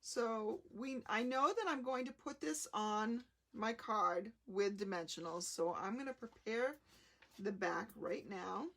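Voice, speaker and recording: A woman with a slightly gravelly, mid-pitched voice talks viewers through a card-making project during a live show. She is chatty and unhurried, explaining each cut and placement as she goes. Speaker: craft demonstrator.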